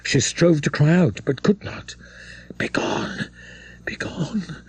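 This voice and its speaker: A man narrating a classic novel in a dramatic, measured storytelling manner. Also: fairly high pitch, darkish tone, slightly rough, no room sound. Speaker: audiobook narrator.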